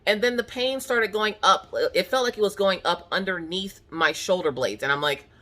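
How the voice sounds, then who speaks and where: A woman in her thirties casually telling viewers a story from home, animated and full of "like", acting out her own reactions. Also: mid-range voice, normal speed. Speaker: crafting channel host.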